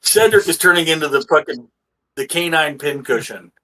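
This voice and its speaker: Man, game master, casual, swears, halting narration. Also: on the high side, expressive, bright, forceful tone, poor audio. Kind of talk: running a tabletop game.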